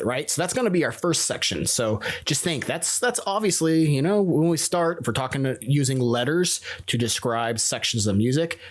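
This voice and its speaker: Encouraging male music teacher chanting rhythms. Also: mid-range voice. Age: adult, father of a young child. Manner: encouraging, chants rhythm syllables and counts along with a metronome. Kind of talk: recorded music lesson for children.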